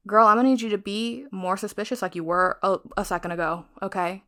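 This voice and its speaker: A woman's voice: medium pitch, fast, bright, forceful tone. Young woman book vlogger, loose chatty recap, frank and profane. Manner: chatty, frank, swears freely. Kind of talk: casual chat retelling a novel.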